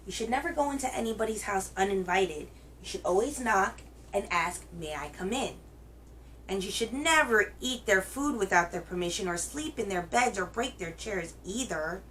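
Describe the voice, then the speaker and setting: A woman hosting a children's reading show, telling a picture book aloud in a gentle, expressive way. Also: mid-range voice, moderate pace, a little hiss or hum, rough recording. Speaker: children's story reader, host.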